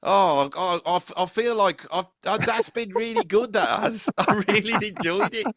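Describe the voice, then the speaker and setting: A male podcast host chatting casually, spinning animated stories and laughing often. His voice sits fairly high, and the sound is dry and close. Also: normal speed, no echo. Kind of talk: casual conversation.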